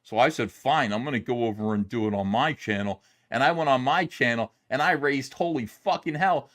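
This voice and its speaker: A middle-aged man with a mid-range voice reacts to a video during a casual livestream. He talks briskly, ranting with profanity and plenty of filler words.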